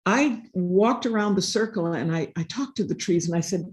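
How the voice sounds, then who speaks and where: Speaking at a moderate pace in a mid-range, darkish voice, a panelist shares a personal story live. She comes across as sincere and thoughtful, performing the quoted dialogue.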